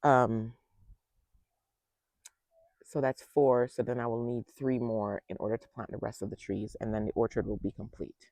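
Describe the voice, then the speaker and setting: A man with a mid-range, gravelly voice gives a relaxed tour of his backyard garden. He talks straight to his viewers and thinks out loud as he goes. The sound is close and dry, with no room echo. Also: mid-range voice, normal speed, long pauses. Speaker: home gardener giving a tour. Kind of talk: casual garden tour vlog.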